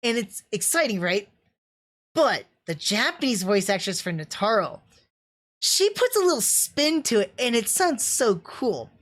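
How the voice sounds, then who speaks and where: A woman's voice: a little high, big pitch swings, measured pace. A woman reviewing anime on a live stream, enthusiastic and rambling, full of fillers and restarts. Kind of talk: casual livestream review.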